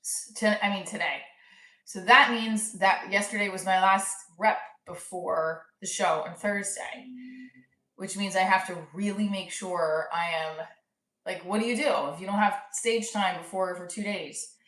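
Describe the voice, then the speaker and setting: This thirtysomething woman comedian chats to camera in a loose, candid self-talk vlog, swearing and laughing at herself along the way. Her medium-pitched voice is fairly bright and her pace measured. She's far from the mic, which picks up a roomy echo and leaves her a bit off-mic.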